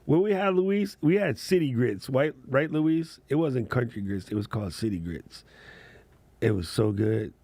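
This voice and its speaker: A man's voice: medium pitch, creaky, a little mellow, no room sound. A man hosting a casual livestream chat as a content creator, laid-back and slangy, laughing often.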